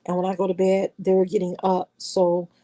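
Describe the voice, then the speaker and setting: Chatty woman with a mellow, low voice. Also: completely flat delivery, normal speed. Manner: chatty, affectionate, folksy. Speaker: vlogger greeting her viewers. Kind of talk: casual chat.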